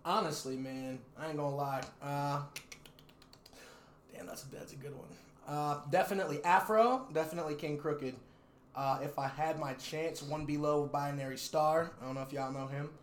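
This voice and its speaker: A man's voice: fairly high pitch, fairly even intonation, moderate pace, a little hiss or hum. A young man, a rapper, chatting loosely in an interview, cursing freely and laughing often. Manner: laid-back, loose and profane, laughs often. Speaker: rapper and videographer, interview guest. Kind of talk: casual interview chat. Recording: roomy echo.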